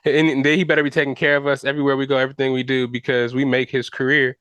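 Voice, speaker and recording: A man's voice: mid-range voice, level tone, quick pace, fairly bright tone, smooth, no room sound. A man hosting a podcast, talking football casually in slang with fillers and restarts. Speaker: podcast host. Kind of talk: casual sports chat.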